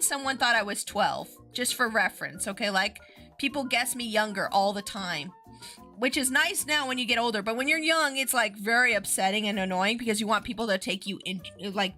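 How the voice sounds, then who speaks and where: A woman's voice: fairly high pitch, sharp tone. A woman streamer chatting casually, rambling with lots of fillers and giggles. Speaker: VTuber streamer.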